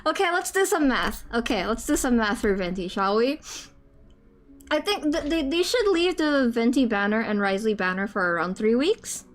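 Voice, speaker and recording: A woman live-streaming a game, chatting casually, with loud swearing outbursts and quiet muttered sums. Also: on the high side, moderate pace, a little hiss or hum. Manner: excitable, loud outbursts and swearing, then muttering math to herself.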